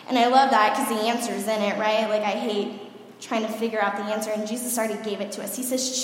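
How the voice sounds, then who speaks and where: Young female speaker, high-pitched, chatty and animated sermon testimony, heavy hall echo. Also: brisk. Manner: animated, chatty, asks "okay?" often. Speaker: youth speaker giving testimony. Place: large hall with audience. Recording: echoey hall, room mic.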